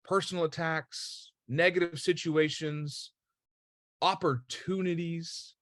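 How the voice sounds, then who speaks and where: A man's voice: on the high side, fairly even intonation, slow pace, no room sound, studio quality. A man hosting a motivational talk, earnest and emphatic, storytelling and asking rhetorical questions. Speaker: host.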